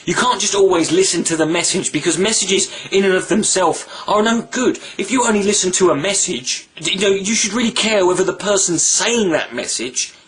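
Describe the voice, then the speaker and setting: A man telling a story in a casual vlog monologue, animated, rambling and swearing freely. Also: high-pitched, normal speed, few pauses. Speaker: vlogger.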